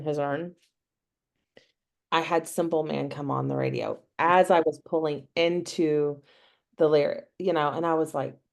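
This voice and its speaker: A woman guest on a video call, telling stories in a rambling way full of "you know" fillers. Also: low-pitched. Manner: rambling storytelling with many fillers. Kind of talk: casual chat.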